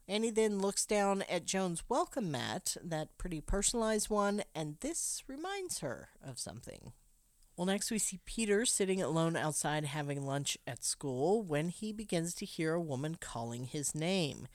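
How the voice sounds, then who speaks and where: Woman podcast host, lively pitch, slightly low voice, dry close sound, plot recap. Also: moderate pace, no room sound. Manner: animated storyteller, joking asides. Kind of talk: movie plot recap and casual chat.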